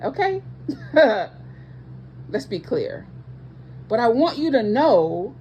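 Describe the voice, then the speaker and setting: A woman's voice: on the high side, big pitch swings, slow pace, dull audio, a little hiss or hum. A woman preaching with passion to online viewers as a ministry host, emphatic and repeating her points, with speech patterns and casual asides.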